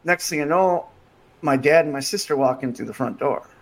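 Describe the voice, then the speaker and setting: A podcast guest with a voice on the high side tells a story at a moderate pace in casual chat. He is an animated storyteller, acting out what people said along the way.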